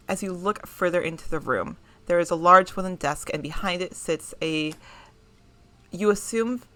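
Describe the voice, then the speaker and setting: Gm lady narrating the scene, kinda low but bright voice, lots of ums. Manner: descriptive, halting narration with fillers. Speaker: game master. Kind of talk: narrating a tabletop game. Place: home streaming setup.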